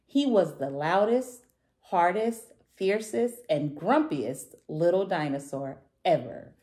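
A woman reading a picture book aloud to children, warm and sing-song. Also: fairly low pitch, expressive, slow. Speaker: children's story reader. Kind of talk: read-aloud storytelling for kids.

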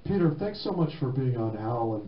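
Brief: male radio host, mid pitch, relaxed and chatty, muffled roomy sound. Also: moderate pace, a little hiss or hum. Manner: casual, loose, with fillers. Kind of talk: community radio interview.

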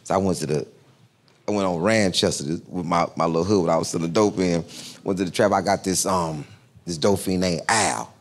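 A male comedian from Texas telling a profane, animated stand-up story. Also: low voice, fairly quick.

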